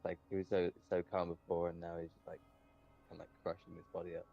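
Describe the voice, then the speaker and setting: A male player describing his character's actions in a loose, rambling way full of fillers. His voice is low and level. The recording sounds slightly muffled and distant. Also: completely flat delivery, quick pace, gravelly. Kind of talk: casual tabletop play.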